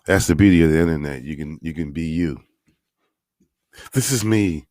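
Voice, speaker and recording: A man's voice: a bass voice, normal speed, a little mellow, no echo, studio quality. A man hosting an online radio show, giving blunt, profane commentary with mocking asides.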